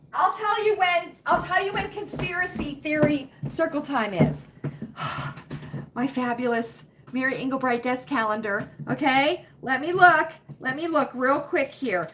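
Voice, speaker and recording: A woman with a high, bright voice chats live with her viewers from home on a computer webcam. She talks at an unhurried pace in a folksy way and likes to repeat her phrases for emphasis. It comes across as friendly small talk with the people watching. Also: lively intonation. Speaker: livestream host. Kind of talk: casual live chat with viewers.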